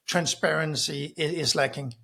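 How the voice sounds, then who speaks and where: A man co-hosting a podcast, asking halting questions and teasing his co-host. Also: fairly high pitch, steady tone, gravelly, sharp tone, breathy edge. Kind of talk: conversational podcast talk.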